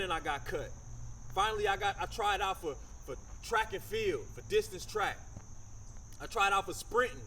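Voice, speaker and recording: A man with a fairly high, light voice gives a motivational talk, telling his own story in a loose, conversational way. He is from Michigan and talks in slang. Faint crickets chirp behind him. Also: a bit bright, slight background noise. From Michigan, USA. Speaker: motivational speaker.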